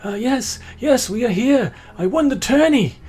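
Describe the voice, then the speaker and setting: A man's voice: very high-pitched, lively intonation, a little slow, darkish tone, breathy edge, soft background music, voice pushed up, heavily acted. A man voicing a proud young knight who has just won a tourney.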